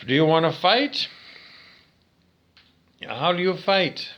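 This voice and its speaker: A man's voice: high-pitched, animated, slow, lo-fi sound, slight background noise. A man talking straight to his viewers in a monologue, ranting, swearing and asking questions he answers himself. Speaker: vlogger. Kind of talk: direct-to-camera monologue.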